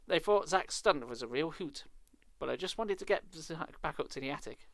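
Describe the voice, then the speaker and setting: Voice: medium pitch, lively intonation, moderate pace, fairly bright tone, no echo. A streamer reading a children's horror book aloud live, with casual, sarcastic, swearing asides.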